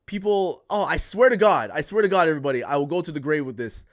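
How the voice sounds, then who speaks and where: Male podcast host, a fairly high voice, loud and animated, repeats his points, casual livestream chat. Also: fast talker.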